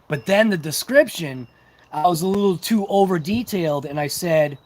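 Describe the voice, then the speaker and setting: Hosting a laid-back RC hobby livestream, a man rambles to his viewers in a talkative, self-deprecating way. His voice sits high and sounds animated, at a normal speed.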